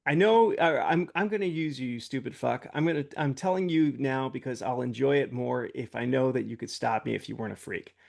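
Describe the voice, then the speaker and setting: Guy reading the part of a nasty taunting woman, gleeful and cruel, gravelly plain read. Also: medium pitch, fairly quick, hardly any pauses, a little mellow. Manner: reads lines plainly from script.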